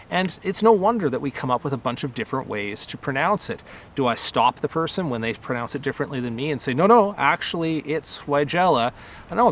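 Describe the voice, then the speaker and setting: Man, middle-aged, medium pitch, casual talk, conversational, outdoors, faint traffic noise. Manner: relaxed, conversational, with fillers and self-corrections. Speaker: rose nursery grower and channel host.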